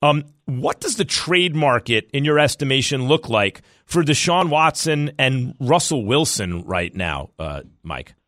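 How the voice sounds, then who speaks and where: Animated man hosting sports radio. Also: no echo, studio quality. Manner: animated, jokey, rapid swings in pitch.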